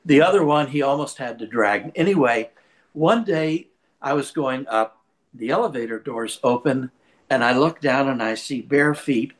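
A man preaching a sermon and telling a personal anecdote in a lively storytelling manner. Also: mid-range voice. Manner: lively storyteller, shifts pace for effect.

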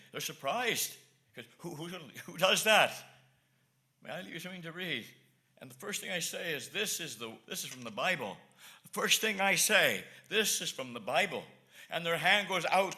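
A man preaching a sermon as an evangelist, earnest and repetitive, swinging between soft asides and emphatic lines. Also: a little high.

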